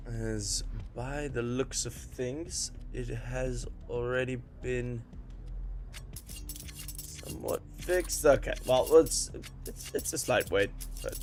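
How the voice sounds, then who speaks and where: Relaxed male esports caster, faint music. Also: mid-range voice, creaky. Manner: relaxed, filler-heavy chatter during a tech pause. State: morning voice. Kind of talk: live esports commentary.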